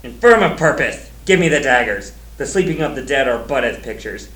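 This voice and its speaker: A young actor playing a ruthless, scheming noblewoman who commands forcefully in a school stage play. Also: mid-range voice, animated, brisk, natural voice. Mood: scornful. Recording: echoey, noisy stage recording.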